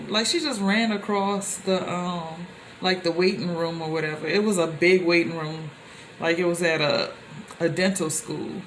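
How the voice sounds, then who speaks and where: A young woman telling personal stories to the camera in a loose, conversational way, with animated exclamations. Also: on the low side, slight background noise. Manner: animated, with rising exclamations when quoting others; loose and conversational, with many fillers and restarts. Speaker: vlogger.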